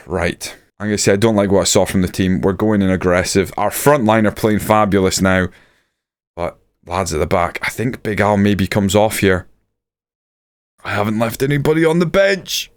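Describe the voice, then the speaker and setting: Low, smooth-voiced man calling a game. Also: normal speed. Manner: excitable play-by-play, muttering asides. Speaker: gaming YouTuber. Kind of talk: video game commentary.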